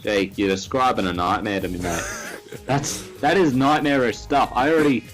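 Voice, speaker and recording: A man's voice: medium pitch, moderate pace, faint music behind, poor audio. A man co-hosting a comedic podcast, wry and exasperated. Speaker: podcast co-host.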